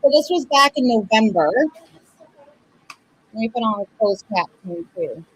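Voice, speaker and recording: Chatty woman streamer, slightly high voice. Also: animated, moderate pace, slight background noise, rough recording. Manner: chatty, musing aloud with small laughs. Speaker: streamer reacting to clips. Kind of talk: casual commentary.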